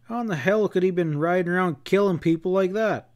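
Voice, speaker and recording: A stubborn cowboy who shields his friend, as a man reading aloud plays him protests and pleads in plain folksy words. The voice runs a little high. It belongs in a storybook western. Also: brisk, close to an everyday voice. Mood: protesting.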